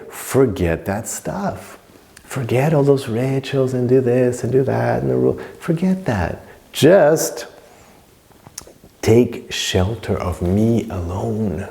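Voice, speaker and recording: A man teaching a scripture class in an informal lecture, emphatic and repetitive, sometimes dropping to a soft hush. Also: low-pitched, creaky.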